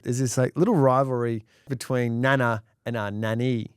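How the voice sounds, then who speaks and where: A man's voice: mid-range voice, normal speed, clean tone, no echo, clean studio sound. A man co-hosting a podcast, chatting casually and acting out other people's lines as he tells stories. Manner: animated storytelling, acting out quotes. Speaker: podcast co-host. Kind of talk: casual chat.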